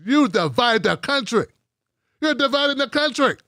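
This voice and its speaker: A petulant, grumbling TV viewer, put on by a man who whines in a high, exasperated voice. The sound is dry and close, with sarcasm in every complaint. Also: animated, normal speed, pushed and bright, no echo, full character voice. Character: whiny petulant bigoted male TV viewer.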